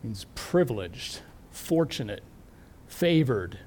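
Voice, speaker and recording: A middle-aged man preaching a sermon, thoughtful and questioning, slowing down to stress key words. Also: medium pitch, lively intonation, darkish tone. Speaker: pastor.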